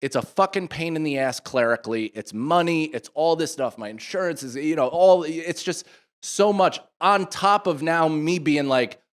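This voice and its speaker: His voice is smooth, on the high side, and paced normally. He's a podcast co-host in his thirties, telling a swear-filled story in casual chat and impersonating the people he quotes.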